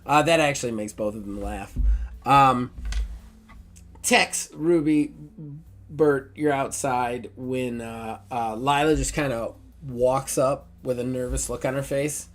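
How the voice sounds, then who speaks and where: A man's voice: mid-range voice, slow pace. Male GM, narrates the scene with jokes and animation. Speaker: game master. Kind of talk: narrating a tabletop game.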